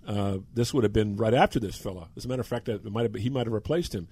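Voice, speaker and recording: An older man on a sports talk show, telling animated anecdotes from years of covering baseball in casual conversation. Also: lowish voice, fast, husky. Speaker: sports radio host and former reporter. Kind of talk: casual radio talk with stories.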